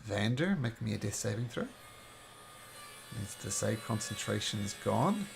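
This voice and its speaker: A man running a tabletop game as game master, relaxed and prone to restarts. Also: fairly low pitch, unhurried, creaky, music in the background.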